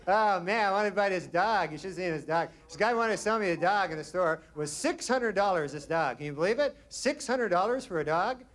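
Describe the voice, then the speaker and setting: Deadpan man doing stand-up, high voice. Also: brisk, few pauses. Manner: deadpan, rambling delivery. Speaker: stand-up comedian. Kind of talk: stand-up comedy. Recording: noisy live stand-up recording.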